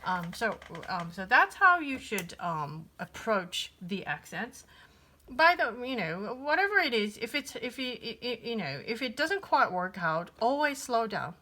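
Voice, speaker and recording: A woman's voice: a little high, big pitch swings, unhurried, pushed and bright. A woman giving a casual piano lesson, thinking aloud with many fillers and restarts. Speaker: piano teacher.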